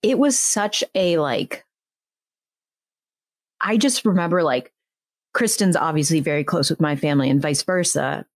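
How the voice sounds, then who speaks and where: A woman in her thirties, a podcast host, telling a story in lively casual chat and laughing often. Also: deep voice, unhurried, pauses often, no echo.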